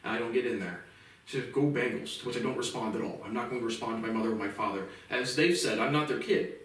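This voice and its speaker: Speaking fast in a mid-range, slightly bright voice, this late-twenties male vlogger delivers a bitter, foul-mouthed personal monologue to camera. The mic sits far away in a room full of echo.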